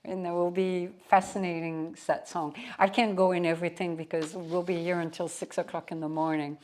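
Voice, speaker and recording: A woman's voice: fairly low pitch, level tone, moderate pace, a little mellow. A woman spiritual teacher giving a devotional satsang talk, telling a story to teach, with emphatic asides.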